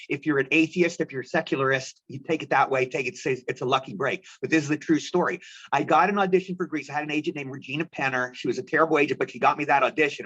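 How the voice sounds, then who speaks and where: A man from the United States, an actor, telling animated anecdotes as an interview guest. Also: fairly high pitch. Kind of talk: storytelling interview. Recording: dull lo-fi audio.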